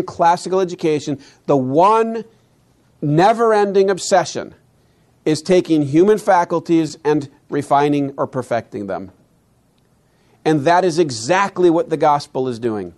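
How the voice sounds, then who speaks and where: A man giving a lecture on classical education with animated, preacher-like delivery, asking the audience many rhetorical questions. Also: on the high side.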